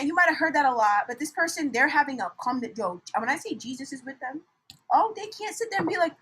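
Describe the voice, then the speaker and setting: A young woman giving a casual tarot reading, animated and blunt, swinging from soft muttering to loud outbursts. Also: high voice, fast talker, rough recording. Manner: animated, swings from soft mutters to shouts, laughs often, swears. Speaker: tarot reader.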